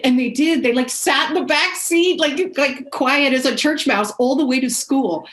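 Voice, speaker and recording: A middle-aged woman on a podcast, telling a personal story in an animated way. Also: sits high, normal speed, hardly any pauses, a little hiss or hum. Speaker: podcast co-host. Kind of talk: casual podcast conversation.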